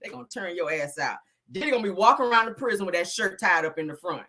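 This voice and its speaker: A man's voice: high voice, lively intonation, quick pace, pushed and bright. A man hosting casual gossip commentary in a flamboyant, sassy, cackling manner.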